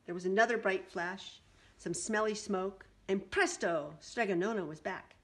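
A woman reads a children's picture book aloud, expressive and animated. She has a medium pitch and speaks at normal speed.

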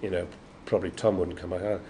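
In rapid-fire delivery and a low voice, an older man from Yorkshire, England, shares anecdotes as a guest actor being interviewed. His Yorkshire English accent colors his lively storytelling, full of acted-out quotes and frequent laughter, against a noisy convention room.

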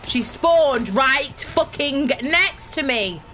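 Bright, swearing gamer woman. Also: sits high, lively intonation, slow, a little hiss or hum. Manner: swearing, exasperated, thinks aloud. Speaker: gaming streamer. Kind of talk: live gameplay commentary.

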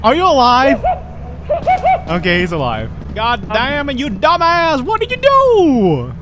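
A woman streamer chatting while playing a co-op game, excitable, swearing and laughing. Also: high voice, unhurried. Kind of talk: casual gaming chat. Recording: game noise underneath.

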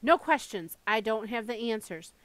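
A woman's voice: fairly high pitch, expressive, normal speed, a bit bright, dry recording, low-quality recording. A woman reading aloud and voicing a frightened, earnest young girl who pleads. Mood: anxious.

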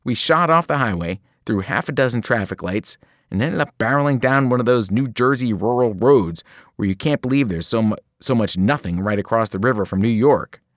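A man reads a novel aloud to students, telling the story with lively energy and sudden voiced cries, his mid-range voice rising and falling a lot at normal speed. The sound is close and dry, without room echo.

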